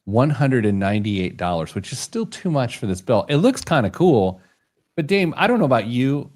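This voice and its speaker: A man's voice: mid-range voice, big pitch swings, moderate pace, a little mellow. A man hosting a casual podcast, joking at his own expense and tripping over his words. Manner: jokey, self-deprecating, stumbles over words. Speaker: show host.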